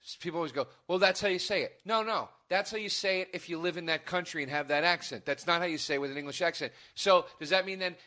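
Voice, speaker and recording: Bright-voiced comic man, griping. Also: on the high side, quick pace, hardly any pauses. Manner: profane, storytelling, easily annoyed. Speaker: comedian guest. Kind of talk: casual comedy chat.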